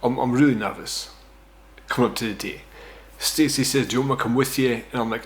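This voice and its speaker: A man's voice: mid-range voice, fairly quick. Profane, rambling Scottish man telling a story. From Scotland. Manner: rambling, profane, self-mocking, fond of "right?". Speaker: vlogger telling a personal story. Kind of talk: casual storytime monologue.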